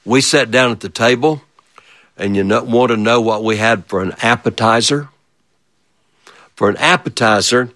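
A man spins a childhood tale with lively, repeating phrases and playful questions to his listeners. His voice sits at an ordinary middle pitch. The recording is dry and close, with no room sound. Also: a little slow, pauses often, no room sound. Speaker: storyteller. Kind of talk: oral storytelling of a childhood memory.

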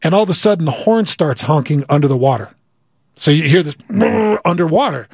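A man with a somewhat husky, slightly high voice tells a personal story with lively energy. He restarts and repeats words as the details tumble out, and the close, dry recording keeps every word up front. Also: brisk, no echo. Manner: vivid, repeats words, acts out quoted voices. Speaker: guest telling a story.

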